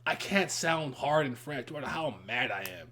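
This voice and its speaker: A man's voice: on the high side, animated, normal speed, sharp tone. A man co-hosting a podcast in casual chat, rambling and easygoing.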